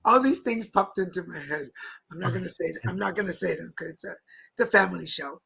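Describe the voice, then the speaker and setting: A chatty man co-hosting a live-streamed talk show, spinning playful stories. His voice is bright and forceful, with a slightly husky edge. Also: sits high, a little fast, low-quality recording. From Mexico. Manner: chatty, laughing, playful storyteller. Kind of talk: casual chat. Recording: live stream with faint background noise.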